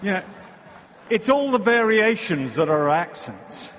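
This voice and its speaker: English preacher in a reverberant church. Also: male voice, sits high, big pitch swings, fairly bright tone, a little hiss or hum. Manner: wry, then slow and deliberate when reading scripture. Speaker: visiting preacher. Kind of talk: sermon with scripture reading.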